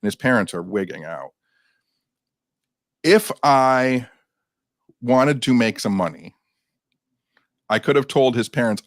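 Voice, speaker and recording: Guy with a low gravelly voice telling stories, casual chat, dry sound. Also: slow pace, long pauses, dry recording. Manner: animated anecdote teller, acts out quotes. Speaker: guest paranormal investigator.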